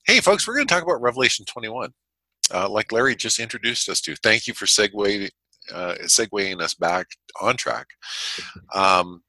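A man hosts a podcast in a bright, ringing voice. His pitch moves around a lot as he jokes and laughs with his co-host. The sound is close and dry, with no room echo. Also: normal speed. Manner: jokey, laughs often, then reads calmly. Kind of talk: casual chat and scripture reading.

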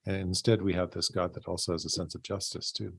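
A man's voice: sits low, little pitch movement, fast talker, creaky, husky, no room sound, poor audio. A man co-hosting a Bible study, reading scripture aloud plainly and joining the discussion with short remarks. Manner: reads scripture aloud plainly, brief agreeing replies. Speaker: Bible study co-host and reader.

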